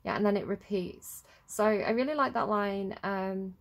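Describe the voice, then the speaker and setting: A woman's voice: mid-range voice, moderate pace. A woman giving a casual tarot reading, rambling and chatty as she drifts off on tangents. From United Kingdom. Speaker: tarot reader.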